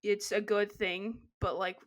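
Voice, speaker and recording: A woman's voice: mid-range voice, flat delivery, unhurried. A young adult woman co-hosting a podcast, talking in a rambling, casual way with lots of fillers and asides. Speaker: podcast co-host. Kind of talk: casual chat.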